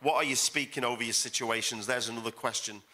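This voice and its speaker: A man's voice: mid-range voice, steady tone, fast talker, sharp tone. A middle-aged man preaching as a guest pastor at a church service, emphatic and repeating phrases for effect. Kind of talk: sermon.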